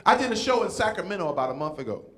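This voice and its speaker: A man's voice: sits high, sing-song, very fast, a bit bright, reverberant. A man doing stand-up comedy as a comedian and pastor, teasing the crowd and checking in with a repeated "right?".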